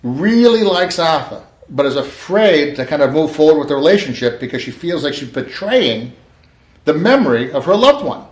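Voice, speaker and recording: A man telling a personal story casually, acting out the quoted lines of the people in it with lively emphasis. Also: fairly high pitch, normal speed. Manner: animated, acts out quoted dialogue. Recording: echoey room.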